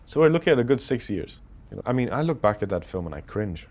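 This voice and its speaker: Emirati filmmaker guest, thirties, lowish voice, lively anecdotes full of quoted dialogue. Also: male voice, fast talker. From United Arab Emirates. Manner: animated, quotes others while telling anecdotes. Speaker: film director guest. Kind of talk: casual interview storytelling.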